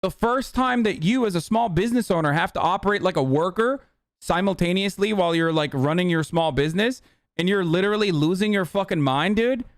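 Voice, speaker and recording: A man's voice: high voice, brisk, dry recording, clean studio sound. A man streaming a reaction to a clip, ranting in a heated, profane, casual way.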